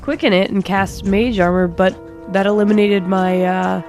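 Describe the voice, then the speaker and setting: Tabletop player, female, mid-pitched, chatty, faint music under. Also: little pitch movement, moderate pace, a little mellow. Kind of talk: casual tabletop game chat.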